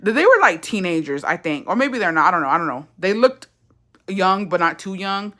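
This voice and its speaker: A young woman from Texas chats casually on her indoor livestream, telling a story in a lowish, fairly bright voice with lively intonation, a little fast. She's blunt, swears plenty and drops Spanish phrases.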